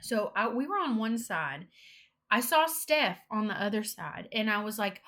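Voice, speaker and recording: A young woman casually chatting through a cross-stitch haul, excitable and gushing, with giggles. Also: mid-range voice, normal speed. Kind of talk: casual show-and-tell haul chat.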